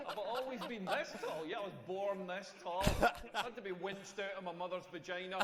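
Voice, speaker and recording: A man's voice: high-pitched, normal speed, heavy background noise. A young Scottish man doing a stand-up comedy set on a club stage, telling self-mocking stories in a chatty way. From Scotland. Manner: conversational, self-mocking storytelling. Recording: roomy club with long reverb.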